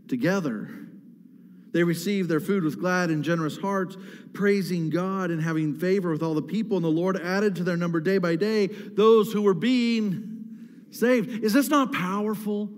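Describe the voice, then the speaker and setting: A man's voice: a little high, darkish tone, long reverb tail. A man preaching a sermon as pastor, emphatic, repeating key words and putting questions to the congregation.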